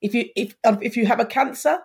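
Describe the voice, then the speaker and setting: Fast and on the high side, her voice is gravelly, a little mellow, and edged with breath. In a conversational interview, this woman in her fifties earnestly shares advice, with frequent restarts.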